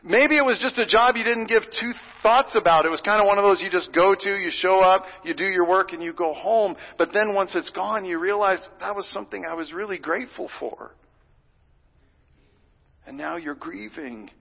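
A man's voice: sits high, normal speed, creaky, dull audio. Earnest male pastor preaching in a hall. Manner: earnest, swinging from loud pleading to hushed whispers. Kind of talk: sermon.

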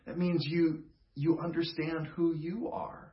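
A man's voice: a little high, unhurried. Conversational man preaching in a roomy church. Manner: conversational, playful teaching with congregation call-and-response. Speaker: pastor. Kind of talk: sermon. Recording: roomy, dull sound.

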